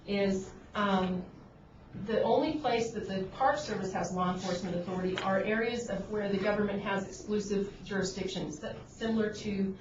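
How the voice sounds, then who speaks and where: Woman speaking at a board meeting. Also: mid-range voice. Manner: earnest and pointed, with frequent restarts and "um"s. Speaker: agriculture board member. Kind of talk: unscripted remarks at a public board meeting. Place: conference room at a government meeting. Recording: dull, noisy, roomy audio from a distant room mic.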